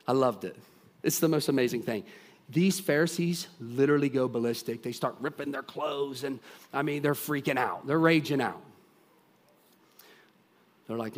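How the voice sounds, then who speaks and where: A man preaching a sermon, retelling a story with lively acted-out voices and dropping to quiet, earnest intensity. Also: a little high, normal speed. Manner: animated storytelling, acting out voices of characters; drops to soft, quiet intensity.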